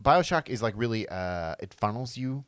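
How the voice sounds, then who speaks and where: Man co-host, mid pitch, playful teasing, halting delivery, dry close sound. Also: expressive, a bit bright, smooth, no room sound. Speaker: podcast co-host. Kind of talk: casual chat about video games.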